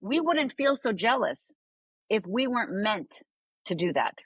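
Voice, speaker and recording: A woman's voice: a little high, big pitch swings, a little slow, slightly rough, dry recording. A woman coach on a podcast interview, telling a story animatedly and often adding "right?". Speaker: life coach guest.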